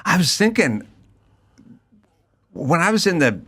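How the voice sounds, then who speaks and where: A man hosting a podcast, chatting casually and often restarting his sentences. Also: breathy edge. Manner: halting, restarts often, lively pitch. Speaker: podcast host. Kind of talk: casual chat.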